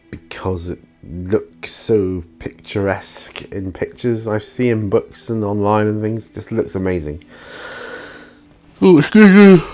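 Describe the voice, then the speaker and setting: Low-voiced man rambling through viewer questions. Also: a little mellow. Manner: rambling, chatty, with many ums and restarts. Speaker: YouTube channel host answering viewer questions. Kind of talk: casual Q&A monologue. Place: outdoors near his studio.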